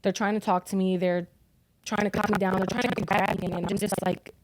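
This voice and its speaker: A young woman appears as a podcast guest to describe losing her son, speaking bluntly and swearing often in an emotional personal account. Her medium-pitched voice moves little in pitch and runs a bit fast, with background noise present.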